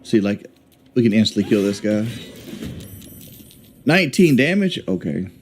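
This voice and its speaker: A man's voice: lowish voice, very animated, normal speed, soft background music. A man casually commenting as he streams a game, talking to his party while planning moves.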